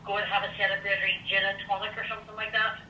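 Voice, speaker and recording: A woman's voice: medium pitch, completely flat delivery, very fast, sharp tone, roomy sound, distant mic, a little hiss or hum, rough recording. A woman chatting casually and teasingly in a short conversation.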